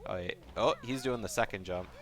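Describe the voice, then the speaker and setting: A man giving casual commentary on a race, chatty and relaxed, laughing often and leaning on fillers. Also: lowish voice, fairly quick.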